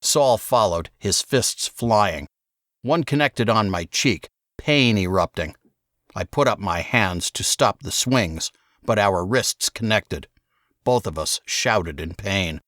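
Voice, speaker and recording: A man narrating an audiobook in the first person, with expressive storytelling. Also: on the low side, slow, no room sound, clean studio sound.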